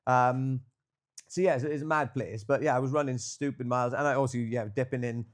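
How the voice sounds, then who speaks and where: This young man talks a little fast, with a medium-pitched voice and a steady tone. As a podcast co-host in casual chat, he spins rambling travel stories packed with fillers and cursing.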